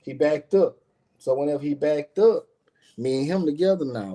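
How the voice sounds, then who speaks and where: A man's voice: fairly high pitch, lively intonation, moderate pace, warm tone. A middle-aged man, a guest on a live stream, telling a personal story in a casual, emphatic and profane way, often turning to speak straight to his listeners.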